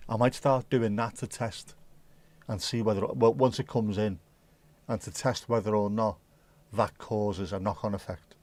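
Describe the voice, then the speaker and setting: A man hosting a casual livestream, rambling and thinking out loud as he chats to his viewers. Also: on the low side, steady tone, normal speed. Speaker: livestream host.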